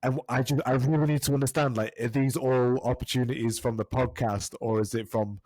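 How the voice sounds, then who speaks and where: A man co-hosting a podcast, cutting in with excited, stammering questions. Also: medium pitch, brisk, no echo. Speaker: podcast co-host. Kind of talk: casual chat.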